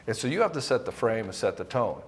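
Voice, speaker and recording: A man's voice: medium pitch, sing-song, quick pace. A man coaching husbands on relationships, talking bluntly and casually, swearing freely and hammering points in short bursts. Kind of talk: direct-to-camera coaching talk.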